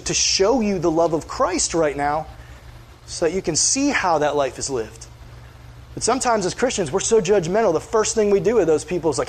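A man's voice: high-pitched, breathy edge. A male pastor, preaching in an earnest, conversational way and acting out quoted voices. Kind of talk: sermon.

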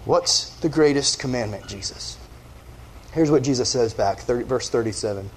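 A man giving a casual, energetic youth sermon, joking with his listeners. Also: mid-range voice, moderate pace, a little hiss or hum. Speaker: youth pastor.

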